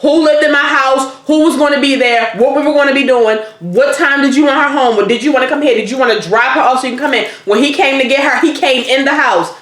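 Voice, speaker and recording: Woman host, high voice, blunt and profane, recorded in a roomy space. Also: fast talker, few pauses. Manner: blunt, profane, animated storytelling. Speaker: podcast host. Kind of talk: casual chat. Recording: roomy echoey room.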